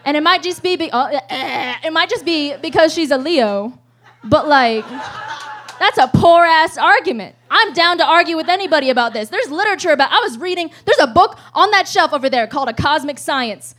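High-voiced woman telling a rambling comic story. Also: lively intonation, brisk, a bit bright. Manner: rambling, profane, laughs often. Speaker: storyteller at a live show.

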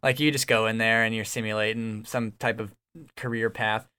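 A man co-hosting a casual podcast chat, excitable and rambling, swearing freely as he tells stories. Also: lowish voice, normal speed, smooth. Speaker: podcast co-host.

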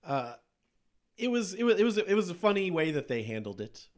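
A podcast host in casual conversation, his voice sitting a little higher than most men's. He retells movie scenes with frequent laughter. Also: sing-song, brisk, slight background noise. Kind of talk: casual movie review chat.

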